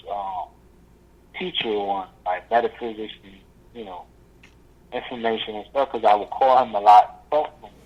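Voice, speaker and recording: A man telling his story as an interview guest, rambling and halting with many fillers. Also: lowish voice, husky. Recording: muffled lo-fi audio.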